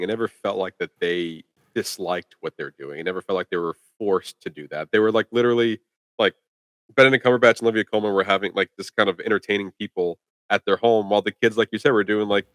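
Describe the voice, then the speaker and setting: On a podcast, a male co-host rambles casually through a movie review, stuffing his speech with "like." His voice is on the low side and a bit bright, he talks fast, and the recording is dry.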